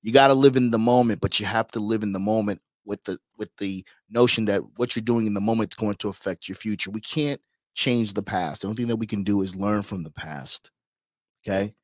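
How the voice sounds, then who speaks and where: Man, lowish voice, blunt preachy host commentary, dry sound. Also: a little fast, dry recording. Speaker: host reacting to clips. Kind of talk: casual commentary.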